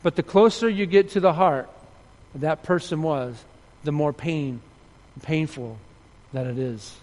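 Preaching a sermon at a slightly slow pace, this pastor has a somewhat higher-than-average voice and earnest emotion. Loud narrative passages give way to quiet, low pleas, all echoing with the long reverb of a big hall.

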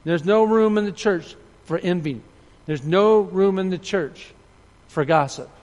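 A man preaching a sermon earnestly, rising and loud when telling a story, dropping soft and low for appeals. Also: unhurried, long reverb tail, lo-fi sound. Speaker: pastor.

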